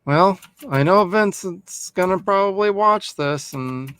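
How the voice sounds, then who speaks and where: Guy cohosting a horror movie podcast, kinda high voice, cusses a lot, dry close mic. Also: slow, fairly bright tone, clear, resonant tone, no room sound. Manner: profane, laid-back, laughs often. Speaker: podcast co-host. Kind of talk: casual movie review chat.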